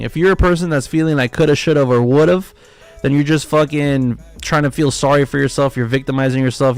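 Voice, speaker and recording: A man's voice: mid-range voice, gravelly. A man hosting a live trading stream, ranting emphatically and profanely, repeating himself for effect. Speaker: livestream trading host. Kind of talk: casual livestream rant.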